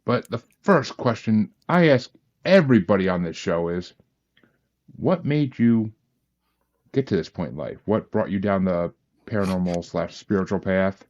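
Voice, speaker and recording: A man's voice: low voice, animated, normal speed, a little mellow. A man hosting a podcast, chatty and self-deprecating as he talks with a guest. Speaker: podcast host. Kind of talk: casual podcast interview. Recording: dull lo-fi audio.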